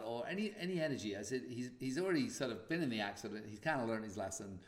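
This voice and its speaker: A man's voice: mid-range voice, fast talker, echoey room. A man hosting a podcast, telling a personal story in a casual way and acting out the dialogue. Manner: animated, acts out dialogue. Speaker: podcast host.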